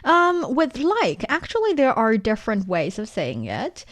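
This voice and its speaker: Chinese-accented woman teaching vocabulary, lively. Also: a little high, measured pace, no echo. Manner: explains word by word, lively and chatty. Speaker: podcast co-host and Chinese teacher. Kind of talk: language-learning podcast chat.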